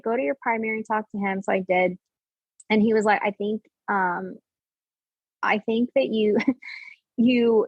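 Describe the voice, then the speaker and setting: A woman in her forties telling her personal story as a podcast guest, casual and animated, acting out what others said and filling her speech with "like.". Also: mid-range voice, gravelly, slightly rough, dry recording, poor audio. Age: 40s. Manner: animated, acts out quoted dialogue, many "like" fillers.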